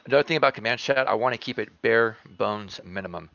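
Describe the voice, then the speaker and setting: A man's voice: medium pitch, fast talker, creaky, bright, forceful tone, no room sound, dull audio. A man briefing his team over voice chat, direct and businesslike. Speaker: clan leader briefing a match. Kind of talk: casual voice chat.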